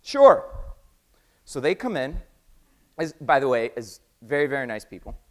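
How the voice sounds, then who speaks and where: An American man giving an energetic conference talk, quizzing the audience and acting out conversations. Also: mid-range voice, normal speed. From United States. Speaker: conference speaker. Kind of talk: keynote talk with acted-out dialogue.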